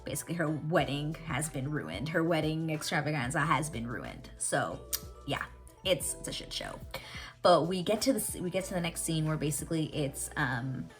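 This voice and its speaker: A woman with a low voice chats through a TV episode recap, her pitch swinging widely as she gets worked up. She talks in an excitable, unfiltered way and swears freely. Faint music plays behind her. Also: moderate pace. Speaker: TV reaction vlogger. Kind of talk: casual recap and reaction chat.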